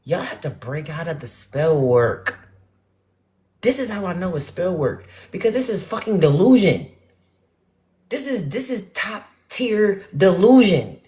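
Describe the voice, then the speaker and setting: A young woman rants bluntly and profanely to her viewers, swinging between loud outbursts and muttered asides. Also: fairly low pitch, very animated, measured pace. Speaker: spiritual vlogger. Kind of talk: ranting casual monologue to viewers.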